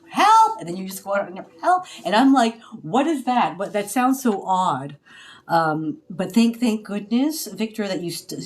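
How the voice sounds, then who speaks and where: A woman talking casually to a live stream as a spiritual healer, rambling and confiding with many restarts, breaking into loud cries when she acts out others. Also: medium pitch, slight background noise. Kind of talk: casual livestream talk. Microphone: phone.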